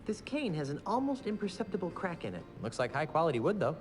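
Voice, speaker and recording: A wry young pirate hero in a video game, tossing off dry remarks with a lively, swinging pitch. Clear game music plays behind him. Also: male voice, quick pace. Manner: dry, matter-of-fact quips.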